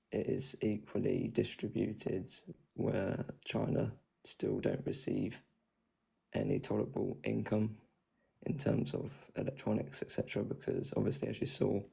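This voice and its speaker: Low, gravelly man with heavy vocal fry. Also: level tone, a little mellow. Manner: halting, hesitant, slow to make a point. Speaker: caller in debate.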